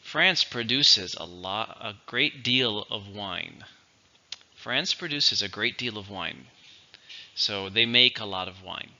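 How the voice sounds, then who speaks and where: A man teaching English vocabulary, explaining words slowly and clearly in a teacherly way. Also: on the low side, expressive, pushed and bright, muffled recording. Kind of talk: vocabulary lesson.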